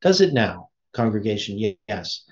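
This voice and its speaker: A man's voice: lowish voice, sing-song, normal speed, highs cut off. A man preaching, reading a sermon aloud with his own commentary and asking the listeners rhetorical questions.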